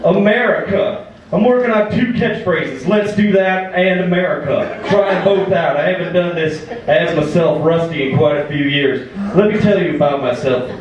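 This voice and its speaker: A man playing a loud, crude Southern redneck comic with a drawl, performing stand-up in a comedy club. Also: sits high, normal speed, distant mic, lo-fi sound, close to an everyday voice. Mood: boastful. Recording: echoey club heard from afar. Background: crowd laughing.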